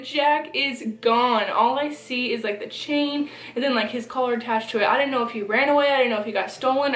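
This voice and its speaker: A young woman casually telling a personal story to her camera, animated and swearing freely, with lots of fillers. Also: sits high, roomy sound. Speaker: vlogger. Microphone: camera on a phone or small camera.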